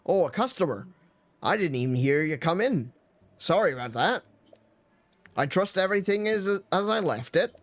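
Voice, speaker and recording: A man's voice: high voice, animated, moderate pace, pauses often, pitched above the performer's own voice. Shopkeeper, male, cheerful salesy patter, put-on accent, read by a man playing a game. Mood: chipper.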